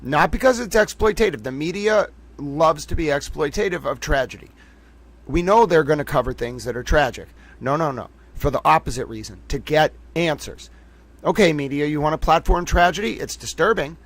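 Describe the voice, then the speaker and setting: A man's voice: on the high side, lively intonation, moderate pace, a bit bright. A man hosting a livestream, giving impassioned commentary with emphatic repetition and rhetorical questions. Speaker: livestream host.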